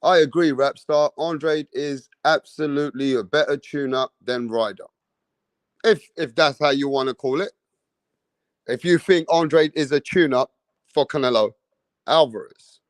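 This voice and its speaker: A man's voice: a little high, normal speed, no echo. A man hosting a boxing live stream, talking casually and swearing while reading viewer comments. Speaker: boxing channel host.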